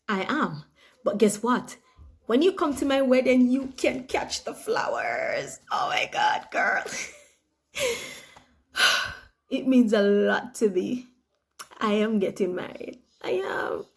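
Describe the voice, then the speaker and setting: A woman's voice: on the high side, very animated, slow pace, pauses often, exaggerated voice. A Nigerian woman acting a newly engaged young woman, gushing and close to tears in a comedy skit. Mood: emotional.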